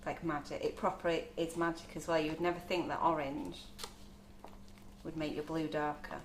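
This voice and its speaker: A woman's voice: deep voice, little pitch movement, moderate pace, slight background noise. A woman demonstrating cake decorating in a live kitchen session, chatting as she measures and mixes colours. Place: large echoey kitchen. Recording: echoey kitchen.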